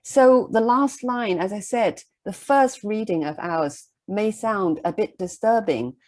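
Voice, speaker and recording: A middle-aged woman giving a recorded literature lecture, explaining a poem in a measured way and often checking in with "okay?". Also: mid-range voice, a little mellow.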